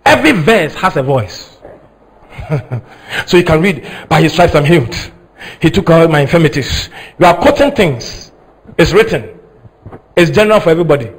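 A man with a husky voice preaching a sermon, dramatic, moving from slow, soft teaching to high, shouted emphasis. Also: rough recording. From Ghana. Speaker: prophet preaching.

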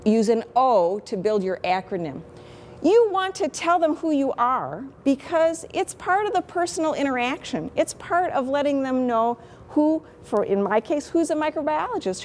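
A woman's voice: high-pitched, a little mellow, slight background noise. Chatty Chicago-accented woman professor. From Chicago, USA. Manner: candid, chatty, self-deprecating. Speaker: microbiology professor. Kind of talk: teaching talk on lecturing.

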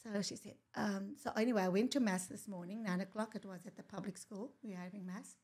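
A woman, telling her own story as a podcast guest, animated and rambling, laughing often and dropping into whispers. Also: mid-range voice, quick pace, husky. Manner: animated, laughs often, drops to a whisper for asides and remembered thoughts; rambling, with many fillers and restarts. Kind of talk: casual storytelling in a conversation.

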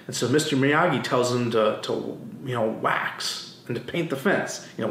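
A man preaching a sermon as pastor, telling stories in an animated way and acting out the voices he quotes. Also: mid-range voice, moderate pace, hardly any pauses, a little hiss or hum. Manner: animated storytelling, acts out quotes. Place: church sanctuary. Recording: roomy church with faint ambience.

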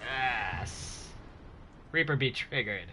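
A man streaming a video game live, chatting casually and excitedly with his viewers and cheering himself on. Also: medium pitch, extremely slow, slight background noise. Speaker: gaming streamer.

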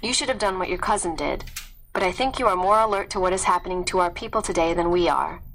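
A woman's voice: on the low side, fast talker, gravelly, fairly bright tone, a little hiss or hum. A woman reading as a solemn old grandfather. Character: stern elderly tribal grandfather, proud and solemn.

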